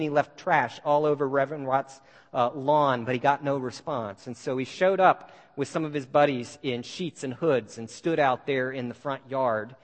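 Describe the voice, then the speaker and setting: Man telling a story in a hall. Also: on the high side. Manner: animated, with many restarts and fillers. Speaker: speaker. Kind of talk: storytelling talk. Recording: long hall reverb.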